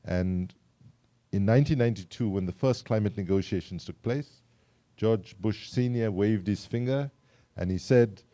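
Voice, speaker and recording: A South African man speaks to a live audience in a lowish, mellow voice. He keeps the tone wry and engaging and stops to quiz the crowd with questions. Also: moderate pace. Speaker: climate activist speaker. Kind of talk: public talk to a live audience.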